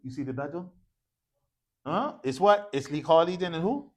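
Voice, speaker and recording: A man's voice: on the high side, normal speed. A man teaching an Arabic grammar class in a mosque, leading his students through drills and slipping into slangy asides. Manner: animated, calls for repetition, slangy asides.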